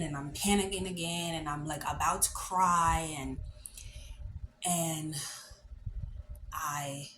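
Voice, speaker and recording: A woman in her late twenties telling a story in a casual, animated, chatty way, full of fillers. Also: fairly low pitch, a little hiss or hum. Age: late 20s. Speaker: vlogger. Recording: echoey room with faint ambience.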